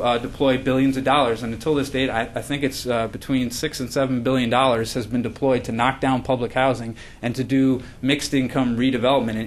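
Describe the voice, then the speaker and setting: Man giving a book talk. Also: mid-range voice. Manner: frequent fillers and restarts, earnest. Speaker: author presenting his book.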